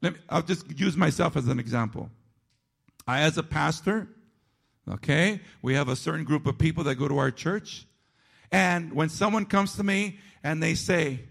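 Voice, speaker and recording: A male pastor preaching a sermon, calling out to the congregation and repeating phrases for rhythm, swinging between loud and hushed. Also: on the high side, animated, normal speed, creaky, husky. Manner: calls out to the congregation.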